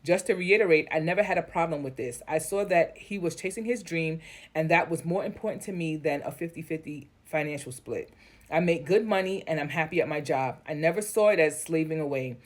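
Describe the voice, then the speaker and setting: A woman's voice: deep voice, fairly quick. A woman reading an online post aloud and breaking off into blunt, candid commentary, swearing freely. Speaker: story reader and commentator.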